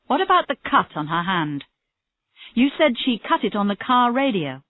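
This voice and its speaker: A woman reading a calm, persistent female detective. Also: a little high, moderate pace, dry recording, pitched above the performer's own voice. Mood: probing. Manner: steady, pressing questions. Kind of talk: reading a graded story aloud. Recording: tinny phone-like audio, dry.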